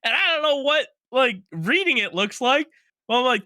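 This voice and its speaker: A man co-hosting a casual podcast, animated and laughing often as he acts out his own reactions. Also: very high voice, normal speed, no room sound, clean studio sound. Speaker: podcast co-host. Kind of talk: casual chat.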